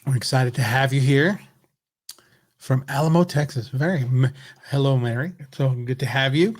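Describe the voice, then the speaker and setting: A man's voice: medium pitch, moderate pace, no room sound, studio quality. A man from California hosting a casual livestream lesson, chatty and upbeat, greeting viewers by name. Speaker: livestream host, education evangelist. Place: home office in Texas.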